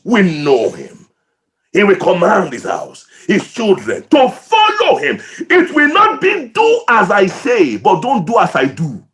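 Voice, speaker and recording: A man preaching with a very high voice that leaps and plunges across a huge range. He is a pastor from Nigeria, impassioned and emotional, bursting into shouts and then falling to near-whispers. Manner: impassioned preaching with sudden shouts and hushed drops. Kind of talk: sermon.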